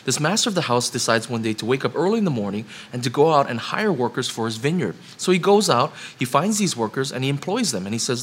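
A man's voice: medium pitch, big pitch swings, quick pace, hardly any pauses, a bit bright, husky. A man preaching a sermon, building up to emphatic rhetorical questions.

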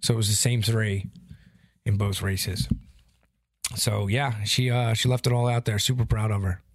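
A man co-hosting a casual chat, telling stories in a loose, profane, animated way. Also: fairly low pitch, moderate pace, no echo, studio quality. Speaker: podcast co-host.

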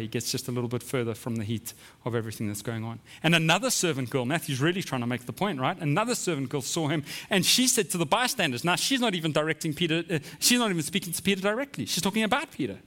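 A man preaching a sermon in a conversational way, often checking in with the listeners with quick asides. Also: fairly high pitch, lively intonation, a bit bright. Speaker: pastor.

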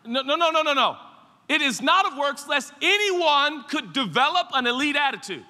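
A man preaching a sermon as pastor, swinging from shouted peaks to hushed, low asides. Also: animated, moderate pace. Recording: echoey hall with long reverb.

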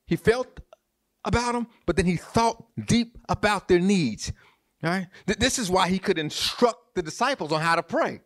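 Pastor preaching; a man with a somewhat high voice, folksy and insistent, repeating lines for emphasis. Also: animated, normal speed. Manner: preaching with repetition and call-and-response; folksy, informal church talk with "y'all". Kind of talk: sermon.

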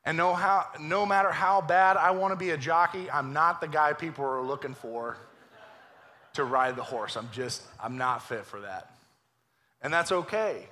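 A man preaching a lively, joking sermon in a church, acting out voices as he goes. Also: on the high side, normal speed. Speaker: pastor. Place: church sanctuary.

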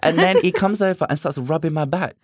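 A man's voice: fairly high pitch, a little fast, dry recording, clean studio sound. A young man, a guest on a podcast, telling stories in a casual chat and acting out the dialogue. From England. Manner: animated, acts out quoted dialogue. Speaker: podcast guest, drag performer.

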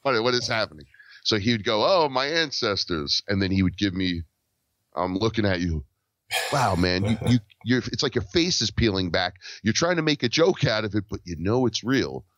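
A man's voice: lowish voice, a little fast, no echo. A man telling a story in casual conversation as a podcast guest, acting out the lines of the people in it. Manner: animated, acts out quoted dialogue. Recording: dull lo-fi dry recording.

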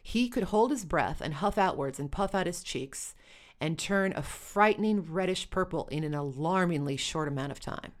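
A woman's voice: on the low side, animated, normal speed. A woman telling a first-person story with wry, dry humor.

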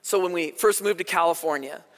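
A man preaches to a congregation, his voice sitting high for a man. He tells stories in an animated, chatty way. The sound carries a long reverb. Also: a little fast. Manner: storytelling, animated and conversational. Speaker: pastor. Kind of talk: sermon.

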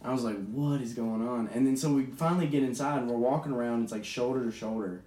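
A man's voice: medium pitch, fast talker, warm tone, echoey room, distant mic. A young man telling a rowdy bar story in casual chat, laid-back and swearing, often laughing.

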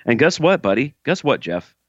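A man's voice: medium pitch, big pitch swings, moderate pace, no room sound, muffled recording. A man co-hosting a podcast, reading listener emails aloud with jokey asides in casual chat.

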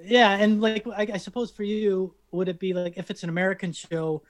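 A Canadian man chatting as a guest, animated and quick to restart his sentences, often laughing as he makes a point. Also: high voice. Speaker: guest, cast member of a sitcom. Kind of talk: casual conversation.

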